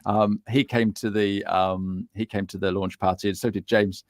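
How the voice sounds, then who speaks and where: A middle-aged man, a guest chatting casually on a podcast and telling cheeky, animated stories. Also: fairly low pitch, moderate pace, dry recording. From England. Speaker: guest, business coach.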